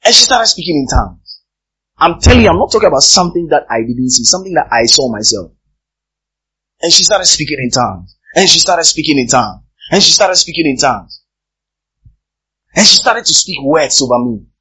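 A man's voice: on the high side, sing-song, fairly quick, sharp tone, husky, rough recording. A man preaching a sermon, emphatic and repeating his phrases for effect.

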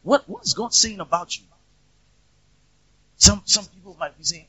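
A man's voice: sits high, lively intonation, moderate pace, sharp tone, husky. A man preaching a conversational sermon, asking rhetorical questions and acting out the voices of people he quotes. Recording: dull, lo-fi recording.

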